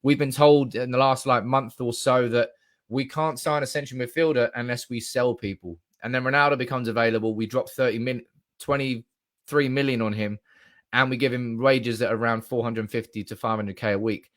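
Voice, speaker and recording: On his live stream, a young man reads out what the chat is saying, speaking animatedly with plenty of profanity. His pitch is medium and his pace moderate.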